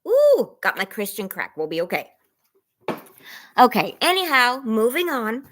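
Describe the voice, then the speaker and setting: A woman's voice: fairly high pitch, very animated, moderate pace, sharp tone. A woman vlogger talking casually to her viewers in a rambling, self-conscious way, laughing between thoughts and close to tears.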